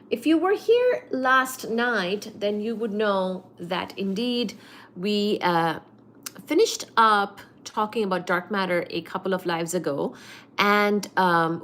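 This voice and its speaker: A woman's voice: medium pitch, a bit bright. A woman hosting a late-night livestream, chatting and greeting viewers by name before explaining cosmology with many fillers. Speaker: livestream host teaching physics.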